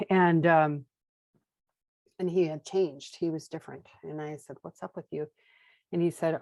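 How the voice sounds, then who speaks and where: A woman in her fifties from Minnesota tells her own recovery story in a candid, wry way, acting out the dialogue she recalls. Her voice sits low with a gravelly edge, and the sound is dry and close. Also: steady tone, unhurried, long pauses, a little mellow, dry recording, low-quality recording. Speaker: guest sharing recovery story. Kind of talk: casual personal storytelling.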